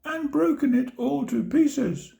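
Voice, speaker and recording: A man voicing a teeny tiny baby bear in a storybook, squeaking in a little voice. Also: animated, slow, creaky, mellow, heavily acted. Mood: squeaky.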